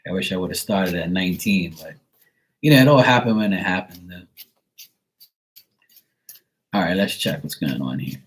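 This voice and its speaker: A low-voiced, middle-aged man with lively intonation does a tarot reading on a live stream, speaking a little fast. He's the stream's host, and his casual talk is blunt, meandering, and packed with fillers.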